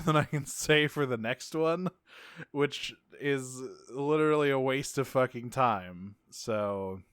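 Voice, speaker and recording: A man's voice: on the high side, fairly bright tone, clear, resonant tone, dry recording, clean studio sound. A man co-hosting a podcast, talking casually, swearing freely and laughing often. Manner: profane and laughing. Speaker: podcast co-host. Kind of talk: casual chat.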